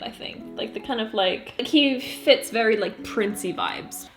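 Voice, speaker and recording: A woman's voice: on the high side, unhurried, a bit bright, soft background music. Chatty young woman with giggly asides. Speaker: vlogger. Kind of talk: casual album walkthrough.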